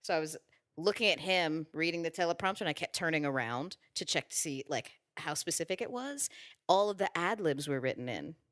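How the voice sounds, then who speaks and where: A woman hosting a podcast, chatting casually, curious and quick to laugh. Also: sits low, lively intonation, a bit bright, no echo, clean studio sound. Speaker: podcast host.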